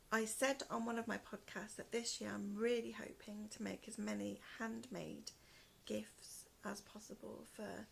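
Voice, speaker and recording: Gravelly British woman, hoarse and slow, soft near-whispered home podcast chat; faint room noise. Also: fairly high pitch. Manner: soft-spoken, often trailing into a whisper. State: in pain, hoarse from asthma. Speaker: podcast host. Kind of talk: casual chat to camera. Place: one room at home, indoors.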